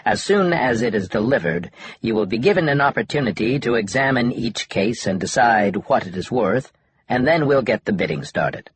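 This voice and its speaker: A man's voice: mid-range voice, expressive, normal speed, slightly rough, pitched above the performer's own voice. A man voicing a formal, businesslike male executive in an audiobook.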